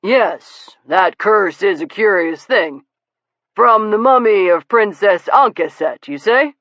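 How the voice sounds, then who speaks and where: A woman putting on a suave, courtly gentleman. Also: mid-range voice, lively intonation, dry recording, pitched above the performer's own voice. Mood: smoothly polite. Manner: measured, courtly. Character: suavely polite male visitor, calmly needling. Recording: dull lo-fi audiobook recording.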